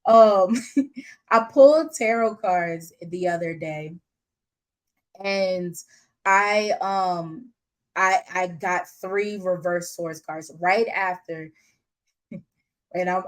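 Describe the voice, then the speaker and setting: A woman's voice: mid-range voice, slow pace, rough recording. A woman business coach talking off the cuff to her audience, candid and slangy, laughing often as she tells a story. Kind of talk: casual unscripted teaching.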